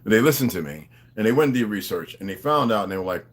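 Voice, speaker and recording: A man's voice: lowish voice, big pitch swings, very fast, hardly any pauses, sharp tone. A man delivering a profane, confrontational monologue, lecturing his viewers.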